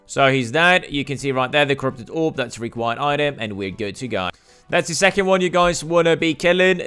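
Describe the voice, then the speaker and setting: A man giving casual gameplay commentary, explaining steps and getting loud and swearing when the game frustrates him. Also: mid-range voice, clean tone. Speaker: gameplay streamer.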